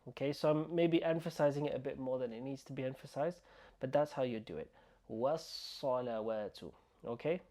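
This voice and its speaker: A man teaching an online language lesson, slowly repeating words and sounds for the learner to copy. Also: medium pitch, steady tone, mellow. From United Kingdom. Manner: slow, repeating words and sounds to drill pronunciation. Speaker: Arabic teacher.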